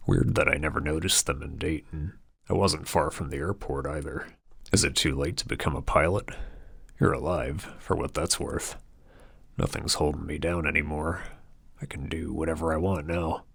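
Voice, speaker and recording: A man voicing a weary, lonely man quietly musing to himself. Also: rumbling low, steady tone, normal speed, creaky, breathy edge, dry recording, clean studio sound, exaggerated voice. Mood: pensive. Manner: quiet, musing inner monologue.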